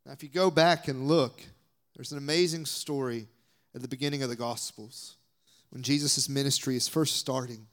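A man's voice: mid-range voice, steady tone, normal speed. A young adult man with a Southern US accent preaching a sermon as a guest speaker, emphatic and dropping now and then to whispered asides.

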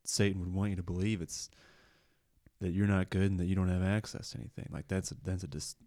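A man in casual chat, making a slow, reflective point. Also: low voice, flat delivery, a little mellow, no room sound, clean studio sound.

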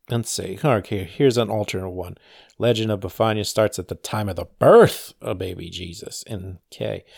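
A man's voice: lowish voice, creaky, no room sound, clean studio sound. A man hosting a podcast alone, chatting casually with wry, rambling, sarcastic asides. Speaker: podcast host. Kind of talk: casual solo podcast chat.

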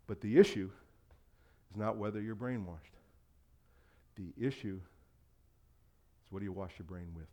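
A man's voice: fairly low pitch, normal speed, long pauses. Joking, self-deprecating male pastor. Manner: humorous, self-deprecating storytelling; animated, swings between quiet asides and loud bursts. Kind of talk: sermon.

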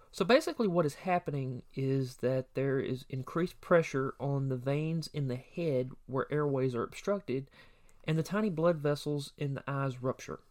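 A man at a medium pitch narrating a true crime podcast as co-host. He reads through a prepared case summary in a steady, even delivery. Now and then he drops in a short personal aside.

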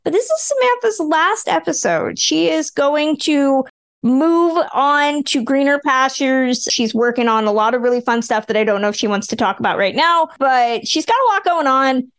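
A woman's voice: high voice, lively intonation, normal speed. A woman hosting a podcast, chatting casually and a little emotionally about old films. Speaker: podcast host.

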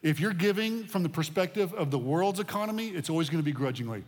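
A man's voice: on the high side, lively intonation, fast, hardly any pauses. Man preaching in a reverberant hall. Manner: conversational preaching with repetitions and restarts. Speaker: pastor. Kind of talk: sermon. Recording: long reverb of a large hall.

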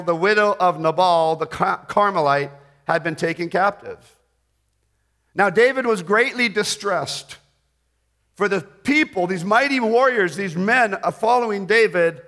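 A middle-aged man preaching a sermon, reading scripture and retelling it expressively, joking with his listeners. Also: sits high. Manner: expressive, rising and falling in volume, jokes with the audience.

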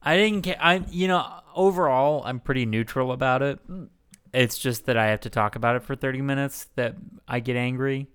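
A man's voice: mid-range voice, fairly quick, a bit bright, clean tone. A man co-hosting a casual comedy podcast, sarcastic and rambling with lots of fillers, fighting off hiccups. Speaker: podcast co-host.

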